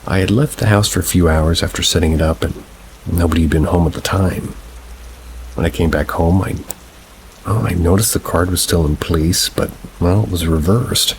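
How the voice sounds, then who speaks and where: A man with a very low, deep voice reads submitted paranormal stories aloud. He takes his time over each sentence, in an unhurried, measured way. Faint rain patters behind him. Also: a little hiss or hum, poor audio. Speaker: narrator. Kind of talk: scripted narration of submitted scary stories.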